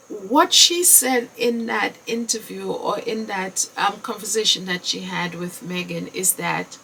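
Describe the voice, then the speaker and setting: A woman's voice: mid-range voice, pushed and bright, recorded from a distance, a little hiss or hum, rough recording. A woman hosting a solo podcast, talking earnestly and emphatically, with rhetorical questions and frequent "okay?" asides. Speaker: podcast host.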